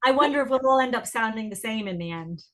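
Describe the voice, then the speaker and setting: A woman's voice: fairly high pitch, lively intonation, fast, fairly bright tone. A woman in her thirties from England with a mixed British and American accent, chatting and laughing easily as an interview guest. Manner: bubbly, laughs often, chatty. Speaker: actress guest. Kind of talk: casual interview answers.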